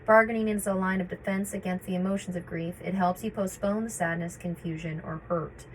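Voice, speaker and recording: A woman with a fairly low speaking voice vlogs about her own grief. She moves between reading an article aloud and loose, hesitant commentary full of fillers and restarts. A faint background hum sits under her voice. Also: fairly even intonation, brisk, rough recording. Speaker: vlogger sharing her own experience of grief.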